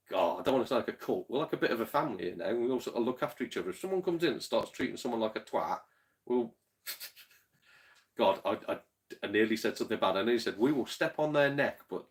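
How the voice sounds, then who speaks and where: A man streaming live, reading chat and telling stories in a casual, sweary, laughing way, a bit tipsy. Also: fairly low pitch. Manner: chatty, swears freely, laughs often, tipsy. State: slightly tipsy.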